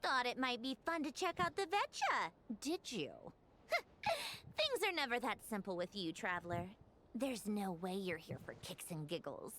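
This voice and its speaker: A woman's voice: mid-range voice, very animated, moderate pace, fairly bright tone, slight background noise. A woman voicing a sarcastic, haughty female villain in a game, teasing with laughs between lines. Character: sardonic haughty female Harbinger, dry wit. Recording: game voice over clear music.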